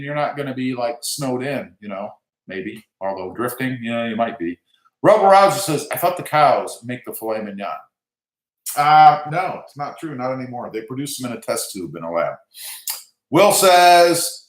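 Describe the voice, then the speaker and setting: A man's voice: mid-range voice, a bit bright, roomy sound. A man with a Southern American accent hosting a casual live stream, chatting loosely and reading viewer comments aloud with lots of filler words. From South Texas. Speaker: channel host reading live chat.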